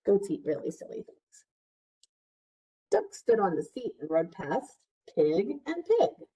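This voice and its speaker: A children's librarian reads a picture book aloud, stopping often to ask the listening kids questions. Her voice is lively and sing-song, sitting a little low with a husky, mellow tone. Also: slow, rough recording. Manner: interactive, asks children questions.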